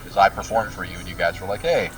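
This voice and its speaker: Man, low voice, quick wry asides, far from mic, faint music. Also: fairly bright tone. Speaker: player. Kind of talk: casual tabletop play.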